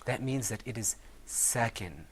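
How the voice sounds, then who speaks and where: A man leads a Quran recitation class, patiently quizzing his students and slowly drilling words with them. His voice sits in the mid-range and sounds animated and husky.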